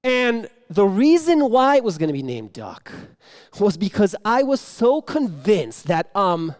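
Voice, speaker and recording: A man performs an improvised comic story on a conference stage, acting out each exchange and dropping to sudden whispers. His voice sits high for a man. It swings widely in pitch as he plays to the crowd. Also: measured pace. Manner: animated, acts out dialogue with sudden whispers. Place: conference stage before an audience.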